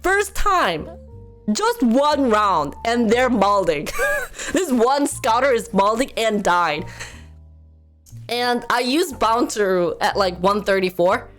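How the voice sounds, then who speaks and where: A woman's voice: fairly high pitch, lively intonation, takes it slowly, fairly bright tone, faint music behind. A young woman streamer chatting casually with her viewers, ranting with animation, laughing often and mimicking other people.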